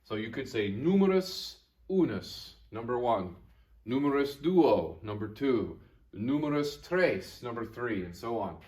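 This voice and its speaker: A man's voice: mid-range voice, expressive, a little mellow. Patient man teaching a video class. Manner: patient, repeats each word slowly for young students; encouraging teacher tone. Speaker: Latin teacher. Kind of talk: recorded video lesson.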